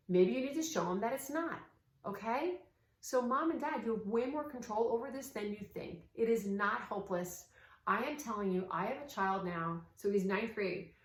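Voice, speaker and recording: A woman's voice: medium pitch, roomy sound. A woman in her forties, a parenting coach, giving a casual spoken lesson to parents in an earnest, chatty way, slipping into quoted dialogue.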